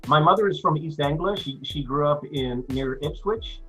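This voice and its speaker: Older male actor guest, bright forward tone, halting with restarts, faint music bed. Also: a little high, rough recording. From United States. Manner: halting, many restarts and fillers, then clear and measured. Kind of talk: casual interview chat.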